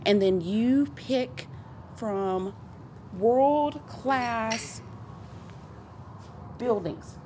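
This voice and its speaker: A woman chatting as a podcast guest, her voice sitting a little high. She tells stories with animated energy, laughing and slipping into the voices of the people she quotes. A faint hum of ambience runs behind her. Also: very slow, long pauses. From Texas. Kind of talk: casual chat, storytelling.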